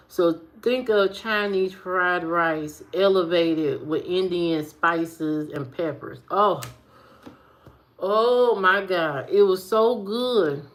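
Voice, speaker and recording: Slow-talking woman in casual chat. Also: on the low side. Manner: repeats phrases, playful teasing, drawn-out emphasis. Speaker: vlogger talking to viewers.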